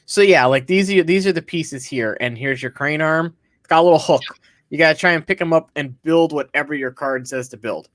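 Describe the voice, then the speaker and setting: A man's voice: on the high side, fairly quick, fairly bright tone, dry recording. Male co-host, laid-back explainer, reads text aloud; dry close recording. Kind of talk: casual chat.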